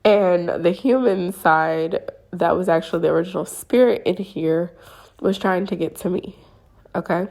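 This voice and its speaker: Female host, casual dream-story telling, gravelly fry, acts out her own reactions, keeps asking "okay?". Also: on the low side, unhurried, a little mellow. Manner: addresses listeners with frequent "okay?" checks. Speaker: spiritual channel host.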